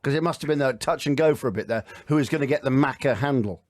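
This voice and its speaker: A man's voice: mid-range voice, fast. A man hosting a radio sports show, joking and bantering with his co-hosts and a guest. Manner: jokey, lively, slips into mock voices. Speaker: radio host.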